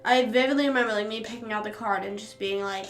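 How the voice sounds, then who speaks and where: Talking fast in a steady, fairly high voice, a young streamer chats aimlessly from her room at home, leaning on frequent fillers. Her audio echoes in the space, and faint music plays behind her.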